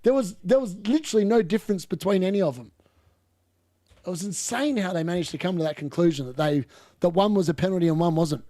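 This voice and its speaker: A man hosting a live football watchalong, commenting on play and ranting opinions, getting excitable and yelling at chances. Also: sits high, fast, dry recording. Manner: excitable, yells at chances on screen. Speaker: host of a fantasy football watchalong.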